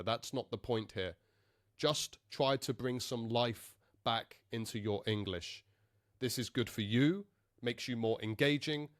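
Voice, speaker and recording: Calm man coaching speaking skills, dry mic. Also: mid-range voice, no echo. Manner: calm, deliberate, with clear emphasis on key words. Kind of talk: direct-to-camera teaching.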